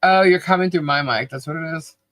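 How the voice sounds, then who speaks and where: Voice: medium pitch, a little fast, a bit bright, dry recording. Chatty laughing podcast co-host, dry sound. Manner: chatty, laughs often, sings snatches of songs. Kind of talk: casual chat.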